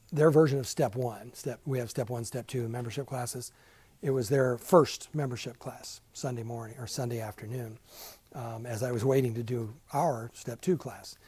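Husky older man teaching a Bible class. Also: medium pitch, dark tone, no room sound, poor audio. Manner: chatty and self-deprecating, with asides. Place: church classroom.

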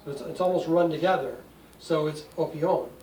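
A man's voice: fairly high pitch, fairly quick, darkish tone. A man in his sixties teaching a classroom lesson, explaining patiently with wry asides. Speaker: Greek teacher. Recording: echoey room, distant mic, faint noise.

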